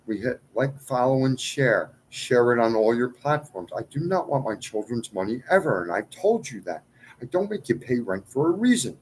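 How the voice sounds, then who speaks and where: A man's voice: medium pitch, big pitch swings, normal speed, a little mellow, a little hiss or hum, rough recording. A man in a ranting monologue to his followers, agitated and pleading, swinging between outbursts and muttered asides. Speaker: self-styled cleric addressing followers.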